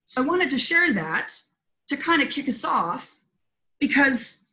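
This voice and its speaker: A woman's voice: high voice, big pitch swings, a little slow, bright, forceful tone, low-quality recording. A woman hosting a spiritual roundtable over a video call, telling a story in an earnest, loose, conversational way. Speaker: host.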